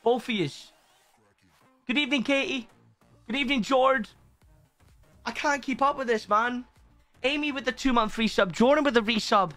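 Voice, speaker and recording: High-voiced overwhelmed streamer. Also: male voice, moderate pace, pauses often, sharp tone, faint music behind. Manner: overwhelmed, swearing, thanking viewers. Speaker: livestream host. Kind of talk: live stream chat.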